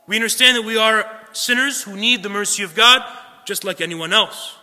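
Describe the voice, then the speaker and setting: A man preaches with a high, sharply bright voice that rings through a long hall reverb. He talks earnestly, circling back to his points and tossing in quick checks with the listeners. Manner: earnest, repeats points, tag questions. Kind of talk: sermon.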